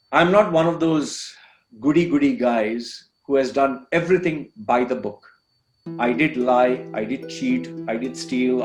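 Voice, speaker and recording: Earnest man telling his story, echoey room. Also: mid-range voice. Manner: earnest, repetitive, emphatic phrasing. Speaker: podcast guest. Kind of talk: candid personal storytelling.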